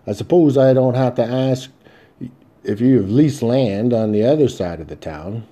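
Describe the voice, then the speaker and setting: Male reader doing a guarded Western marshal, earnest, low and dark-toned. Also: normal speed, natural voice. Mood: probing. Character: town marshal, grown man, guarded and earnest.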